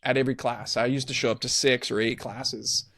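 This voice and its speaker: A man co-hosting a podcast, telling stories in a relaxed, animated conversational way. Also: mid-range voice, a little fast, dry recording, clean studio sound. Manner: animated storyteller. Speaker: podcast co-host. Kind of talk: casual conversation.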